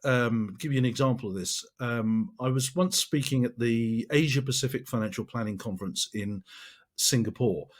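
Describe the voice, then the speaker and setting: A man's voice: medium pitch, normal speed. Emphatic man giving marketing training. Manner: emphatic, repeats phrases for stress. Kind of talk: training talk.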